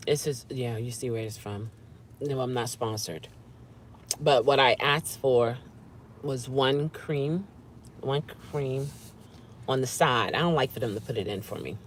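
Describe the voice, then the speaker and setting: A woman's voice: very deep voice, slow pace, long pauses, slight background noise. A woman vlogging casually from her car, chatting and humming over her food. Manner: chatty, savoring food with hums. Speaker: vlogger and rideshare driver. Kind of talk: casual chat while eating in a car.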